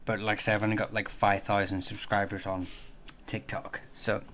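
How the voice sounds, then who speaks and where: A man hosting a casual livestream and chatting with viewers in a rambling, halting way, with many fillers and restarts. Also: lowish voice, flat delivery, a bit bright, slight background noise. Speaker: livestream host.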